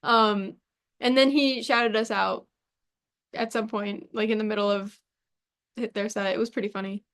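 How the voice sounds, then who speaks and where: A young woman co-hosting a casual podcast, telling stories in an animated way with quick asides and laughs. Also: medium pitch. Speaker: podcast co-host. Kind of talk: casual chat.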